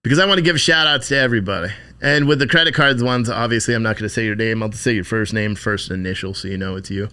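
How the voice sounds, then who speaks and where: A man's voice: lowish voice, fast talker, hardly any pauses, pushed and bright, clean tone. Profane, rambling male livestream host. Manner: profane, rambling, thanks donors by name. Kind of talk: casual live-stream chat with viewers.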